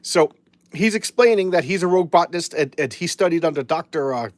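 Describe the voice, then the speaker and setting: A man's voice: on the high side, expressive, a little fast, no room sound. Rambling middle-aged man chatting about comics. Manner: rambling, chatty, frequent restarts; wry, jokey asides. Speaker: comic book show host. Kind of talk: casual live comic book chat.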